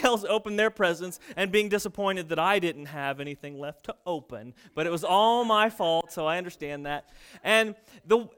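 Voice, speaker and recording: A pastor in his thirties preaches with a high, sharp, clean voice. His sermon is built on family stories, and he acts out the voices of his kids and parents as he tells them.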